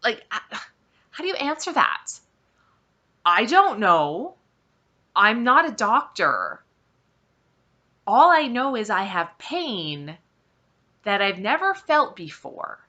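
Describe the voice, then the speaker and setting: A woman's voice: on the high side, sing-song, slow pace, pauses often, sharp tone, lo-fi sound. A woman hosting her own vlog, telling a personal story to camera in a candid, emphatic and exasperated way. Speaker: vlog host.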